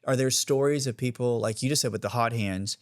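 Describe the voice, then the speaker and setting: A man's voice: mid-range voice, fairly quick, no echo, clean studio sound. A man hosting a podcast interview, asking questions and reacting with short interjections. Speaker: podcast host. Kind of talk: casual interview.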